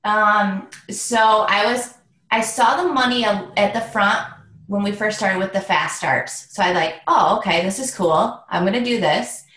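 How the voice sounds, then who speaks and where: A woman's voice: medium pitch, unhurried, a bit bright, echoey room, poor audio. Upbeat woman coaching on a video call. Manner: upbeat, motivational, addresses listeners as you guys. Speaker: direct sales team leader. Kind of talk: training call on video chat.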